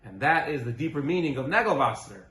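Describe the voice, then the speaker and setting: A man's voice: on the high side, animated, quick pace, sharp tone. A man giving a Torah class as a rabbi, earnest and full of rhetorical questions, weaving in Hebrew and Yiddish terms. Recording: roomy echo.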